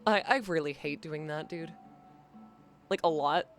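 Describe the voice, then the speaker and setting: Man, streamer, casual gaming chat, animated, swears, repeats words, high and bright, faint music behind. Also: unhurried.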